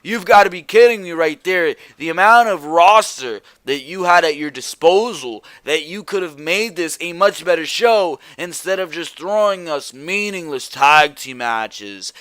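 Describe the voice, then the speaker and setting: Fed-up guy ranting, highish smooth voice, dry close mic. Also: animated, measured pace, hardly any pauses, a bit bright, no room sound. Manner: exasperated, repetitive rhetorical questions. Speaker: wrestling show reviewer. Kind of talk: ranting solo review.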